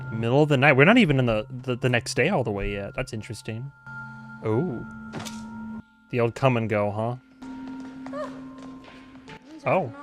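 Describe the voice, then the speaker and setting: A man in a mid-pitched voice, rambling and chatty as he reacts to a show. He keeps cutting himself off mid-phrase and wandering into asides, with faint music behind him. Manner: rambling, self-interrupting, chatty. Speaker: reaction video host. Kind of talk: casual reaction commentary.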